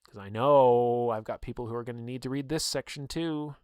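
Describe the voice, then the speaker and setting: A man's voice: medium pitch, brisk, a little mellow, clear, resonant tone, dry recording, clean studio sound. A young man casually reading through a game book on a livestream, breaking off for chatty asides and laughs.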